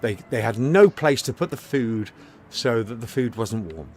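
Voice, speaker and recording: A male streamer rants to his chat in a loose, swearing flow, circling back on his own words. His voice sits mid-pitch with a faint hum of room noise behind it, and he turns a tale into a sermon. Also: animated, normal speed. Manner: profane, emphatic, repeats himself; storytelling, preachy. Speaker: live streamer. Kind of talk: rambling live-stream rant.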